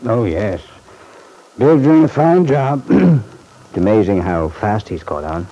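A man's voice: lowish voice, big pitch swings, slow, mellow, heavily acted, rough recording. An actor playing a fatherly middle-aged bank-owning uncle in a vintage radio soap, genial and chuckling. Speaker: bank executive.

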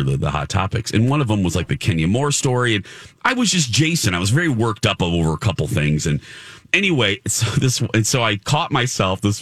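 A man's voice: low-pitched, no echo, studio quality. A man hosting a talk show in casual chat, telling a story animatedly and acting out what people said. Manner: animated storyteller, acts out quotes.

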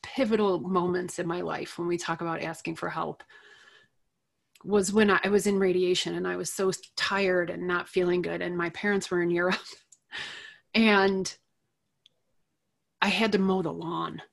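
A middle-aged woman telling an emotional personal story as a guest, candid and animated, laughing between phrases. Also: on the low side, normal speed, vocal fry, pauses often.

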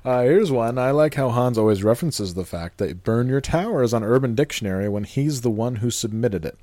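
A man's voice: mid-range voice, lively intonation, fairly quick, mellow, no room sound. A man co-hosting a podcast in crude, rambling casual chat, laughing at his own jokes. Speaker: podcast co-host.

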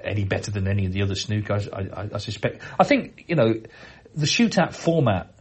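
Man, podcast host, husky voice, relaxed and chatty, reads listener emails, hesitant fillers. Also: on the low side, fairly quick. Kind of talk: casual podcast chat reading listener emails.

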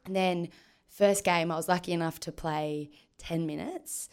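A woman, a football captain telling her story in a casual interview, animated and full of "like". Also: lowish voice, unhurried, smooth. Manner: animated, lots of "like", acts out quotes.

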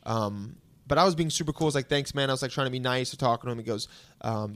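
A man's voice: medium pitch, fast, fairly bright tone. A young man casually telling a long story to friends, laid-back and self-mocking, quoting what people said to him. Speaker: podcast co-host telling a story.

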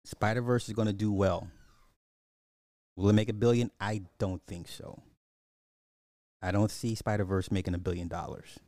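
A man with a low, warm voice hosts a casual live podcast, talking loosely and answering his chat as he goes. He restarts sentences often and keeps a relaxed, conversational pace. The sound is close and dry. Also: normal speed, pauses often, dry recording. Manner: loose, rambling, talks back to chat, frequent restarts.

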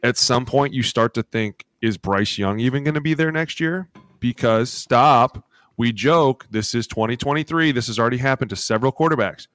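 A man in his thirties co-hosting a sports podcast, telling animated locker-room stories full of acted quotes and cursing. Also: mid-range voice, normal speed, no echo. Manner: animated storytelling with acted quotes, swears freely. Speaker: podcast co-host, former NFL lineman. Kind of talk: casual chat.

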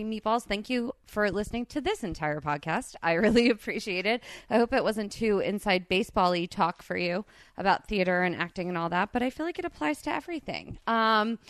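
A woman hosting a podcast in casual chat, bubbly and quick with asides, laughing often. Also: mid-range voice, fairly bright tone, smooth, no echo, studio quality. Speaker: podcast host.

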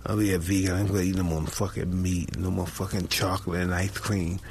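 A man in his fifties hosting a casual talk show, swearing constantly and swinging from low mutters to loud outbursts. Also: flat delivery, fairly quick, slight background noise. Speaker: podcast host. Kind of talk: casual profane chat.

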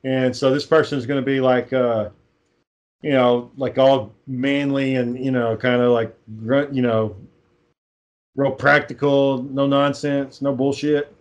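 Rambling, profane man pitching a film. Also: flat delivery, a little slow, lo-fi sound. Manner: rambling, profane, acts out quoted lines. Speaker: amateur filmmaker pitching a script. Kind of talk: casual chat.

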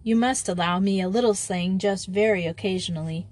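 A woman voicing a young headmistress who speaks in a brisk, decided way. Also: medium pitch, darkish tone, lightly acted. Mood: cheerful.

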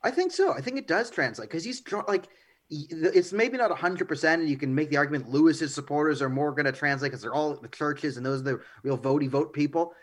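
A man giving political commentary as a guest on a radio talk show, animated and now and then mimicking politicians. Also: a little high, a little fast.

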